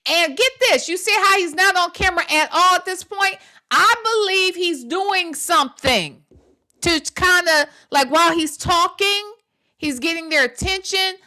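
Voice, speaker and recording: A woman with a high, bright, sharp voice hosts a reaction commentary on a video clip. She talks bluntly and with exasperation, swears freely, and repeats phrases for emphasis. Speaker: gossip commentary host.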